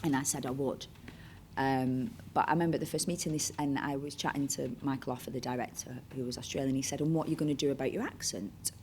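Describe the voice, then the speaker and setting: A woman's voice: very deep voice, steady tone, quick pace, darkish tone, slight background noise. A woman with a Bolton accent, a chatty, digressive storyteller who acts out the voices of people she is quoting in an onstage interview. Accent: Northern English, Bolton. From Bolton, Northern England. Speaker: actress, interview guest. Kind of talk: onstage interview, anecdotal chat.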